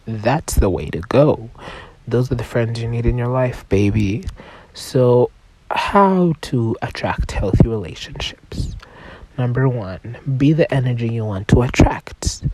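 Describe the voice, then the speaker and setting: A man's voice: medium pitch, a little slow, dark tone, a little hiss or hum, low-quality recording. A man hosting a solo self-help podcast with a cold, talking casually, swearing freely and sometimes dropping into a whisper. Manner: casual, swears often, loose and chatty. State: has a cold, voice rough. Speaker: podcast host.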